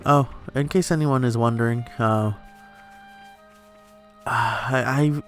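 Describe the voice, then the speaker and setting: A man's voice: medium pitch, fairly even intonation, slow pace, soft background music. A young man casually chatting over a game as host, rambling with many fillers and laughs, recorded at home. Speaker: let's play host. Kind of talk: casual gaming commentary. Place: home room.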